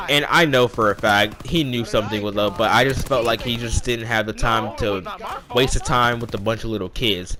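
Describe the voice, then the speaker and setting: A young man with a bright, forceful voice tells a personal story in a loose, casual way. He rambles and acts out the dialogue of the people in it. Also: mid-range voice. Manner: rambling, animated retelling with quoted dialogue. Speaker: vlogger.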